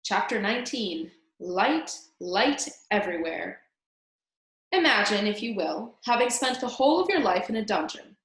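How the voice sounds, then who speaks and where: A woman's voice: mid-range voice, normal speed. Woman reading a children's novel aloud. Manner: expressive, addresses listener as "reader". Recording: roomy echo.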